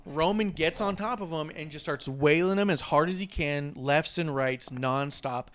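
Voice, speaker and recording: Man, casual podcast chat, lively storytelling, fairly high pitch. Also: normal speed. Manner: animated storyteller, acts out wrestlers' lines. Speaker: podcast co-host. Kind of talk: casual wrestling recap chat.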